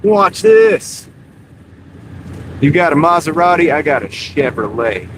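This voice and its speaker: A man's voice: a little high, big pitch swings, a little slow, pitched above the performer's own voice. A man voicing a boastful pickup truck driver in a put-on drawl, recorded in a moving car. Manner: cocky drawling put-on accent. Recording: car road noise behind.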